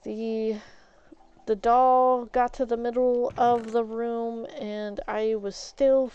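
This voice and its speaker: A woman's voice: a little high, little pitch movement, slow, mellow, clean tone, muffled recording. A woman streamer telling a story in a rambling way while she plays a game, swapping in "flip" for swear words. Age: adult, has an ex-husband. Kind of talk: casual storytelling while gaming.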